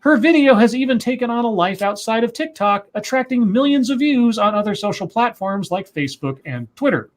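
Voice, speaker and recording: A man's voice: very high voice, expressive, fairly quick, hardly any pauses. A man co-hosting a livestream, reading news articles aloud and breaking in with asides and self-corrections. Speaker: co-host.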